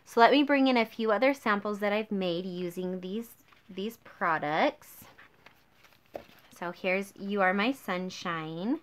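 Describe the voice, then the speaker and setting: A woman's voice: medium pitch, a little slow, fairly bright tone. An upbeat woman demonstrating card making in a tutorial, gushing over her favorite supplies. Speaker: craft demonstrator.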